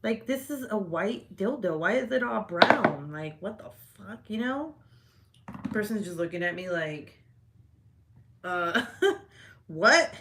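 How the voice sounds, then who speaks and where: A woman's voice: medium pitch, expressive, measured pace, long pauses, background noise. A woman hosting a casual livestream chat, laughing often and swearing freely as she reacts to comments. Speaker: livestream host. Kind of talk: casual live-stream chat.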